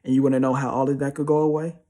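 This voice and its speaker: A man's voice: mid-range voice, flat delivery, very fast, warm tone. A young man giving a slangy, emphatic motivational monologue, repeating himself for stress. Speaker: motivational speaker.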